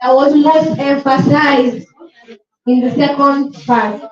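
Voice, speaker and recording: A woman's voice: sits high, fairly even intonation, slow pace, darkish tone. A woman hosting a school session, urging the students to answer and to clap for the speakers. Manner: prompting, repeating requests. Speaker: session host. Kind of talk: classroom moderation. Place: school classroom. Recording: echoey, dull, faint music.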